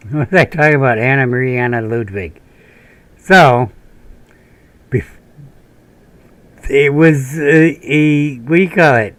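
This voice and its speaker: A man from northern Minnesota rambles over his gameplay, drifting from one half-remembered tale to the next. He swears casually and chuckles at his own asides, in a voice of ordinary middle pitch. The recording is dry, with no room sound around him. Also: animated, measured pace, long pauses, a bit bright, no room sound. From northern Minnesota, USA. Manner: meandering, profane storytelling with frequent laughs and tangents. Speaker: gaming channel host. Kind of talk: rambling commentary during gameplay.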